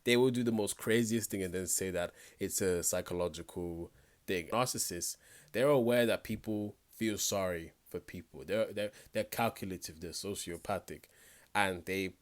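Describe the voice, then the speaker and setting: A man's voice: low voice, moderate pace. A man giving reaction commentary, talking bluntly and directly to the viewer in a conversational way.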